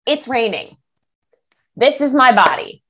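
A woman body image coach answering interview questions in a casual, animated way, acting out the thoughts of others. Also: on the high side, unhurried, a little hiss or hum. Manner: animated, acts out quoted thoughts.

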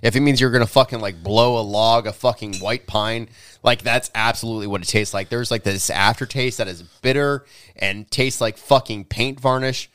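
A man's voice: medium pitch, steady tone, moderate pace, fairly bright tone, clean tone, no echo. A man co-hosting a podcast, swearing freely and rambling in a joking, casual way. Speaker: podcast co-host. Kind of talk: casual chat.

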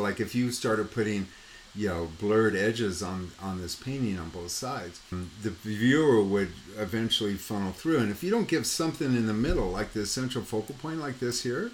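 Male painting coach, animated storyteller, loose and rambling with fillers, mid-pitched voice, faint noise underneath. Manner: animated, mimics sounds and voices while telling stories; rambling, with frequent fillers like "you know" and "like". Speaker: painting coach and podcast host. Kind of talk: casual anecdotal storytelling.

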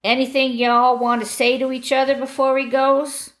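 A woman's voice: high-pitched, little pitch movement, moderate pace, voice pushed up, natural voice. A woman voicing a crude, mocking adult male kidnapper while reading aloud.

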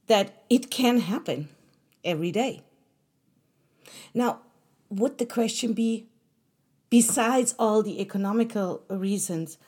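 Her voice is mid-range, a little mellow and slightly rough as she talks through a solo episode of her own podcast. Speaking earnestly to her listeners, she uses fillers and often restarts her sentences.

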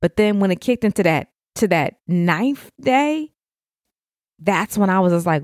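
A middle-aged woman hosting a podcast, talking with deep feeling and speaking straight to other mothers in casual, heartfelt chat. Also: expressive, a little slow, a little mellow, no echo, clean studio sound. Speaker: podcast host. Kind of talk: heartfelt casual talk to listeners.

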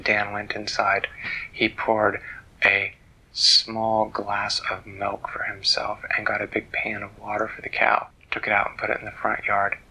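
Gravelly playful bedtime storyteller, man. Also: on the low side, monotone, a little slow, muffled recording. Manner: gentle and playful, drops to hushed whispers.

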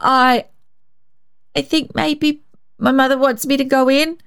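A woman reading a storybook, voicing a blunt, literal-minded small boy who gets easily excited. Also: high-pitched, no echo, clean studio sound, pitched above the performer's own voice, full character voice. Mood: nervous. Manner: blunt, quick to get wildly excited.

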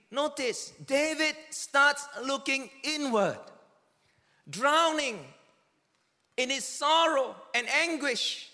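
A male preacher delivers a sermon in an earnest, emphatic way, lifting his voice for dramatic quoted cries. His voice sits very high and sounds bright and forceful, and he takes his time. The sound rings with the long reverb of a big church hall. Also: lively intonation, slow.

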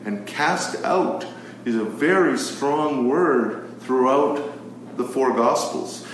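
A man leads a Bible study, stopping often on an "uh" and asking his listeners question after question. His voice sits at an ordinary middle pitch. It carries a lot of echo, picked up from across the room, with a faint hiss of room noise underneath. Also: expressive, slow pace. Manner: poses rhetorical questions and reads scripture aloud, with frequent fillers. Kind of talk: teaching a Bible study to a live group. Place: room with a live group. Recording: very echoey room, far from the mic.

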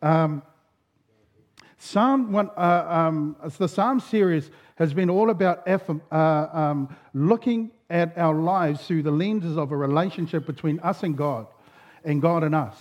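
High-voiced pastor. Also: male voice, measured pace, a little mellow. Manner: casual storytelling, many fillers and restarts. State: voice going. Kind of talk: sermon. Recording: dull lo-fi sound.

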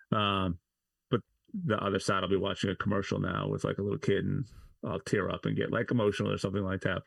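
Low creaky-voiced man telling stories. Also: a bit bright, no echo. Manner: rambling, many "like" fillers and restarts. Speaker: podcast guest. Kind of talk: casual interview storytelling.

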